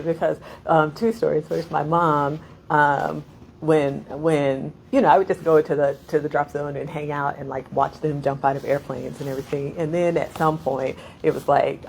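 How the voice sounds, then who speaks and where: Middle-aged woman, deep voice, chatty digressive storyteller at a reading, quick to laugh. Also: a little mellow, a little hiss or hum, rough recording. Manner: rambling, laughing, many "like" fillers. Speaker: poet.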